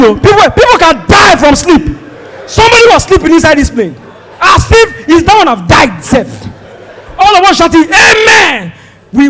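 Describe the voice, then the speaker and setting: A Nigerian man performing a stand-up comedy set, telling a story and acting out shouted prayers. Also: very high voice. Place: comedy stage before a live audience. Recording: live show with crowd audible.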